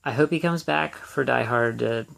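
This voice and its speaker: A man's voice: mid-range voice, moderate pace, vocal fry, a bit bright. A man hosting a casual solo movie podcast, talking in a rambling, hesitant way with many fillers and restarts. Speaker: podcast host.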